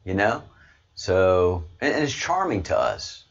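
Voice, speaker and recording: This Southern US online commentary host talks in a low voice with huge pitch swings and a slightly slow pace, and the recording is muffled. With his Southern American accent, he rambles casually, frequently restarting and calling listeners "brother."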